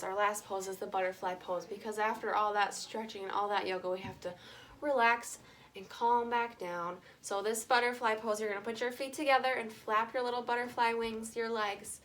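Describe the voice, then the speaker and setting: Bright-voiced young woman leading kids' yoga. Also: mid-range voice, fairly even intonation, normal speed. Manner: playful, encouraging, speaks simply to children. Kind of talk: guided kids' yoga lesson.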